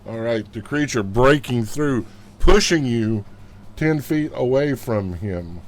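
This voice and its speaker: A man's voice: mid-range voice, animated, slow. A man narrating as game master of a tabletop game, mixing vivid combat description with casual rules talk.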